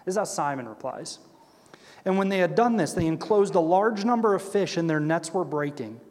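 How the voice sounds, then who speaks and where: A man's voice: high-pitched, animated, moderate pace, a little mellow. A man leading a Bible study, reading scripture aloud and explaining it in a conversational way, often checking in with "right?". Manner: acts out quoted characters with shifting voice. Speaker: Bible teacher. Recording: long hall reverb.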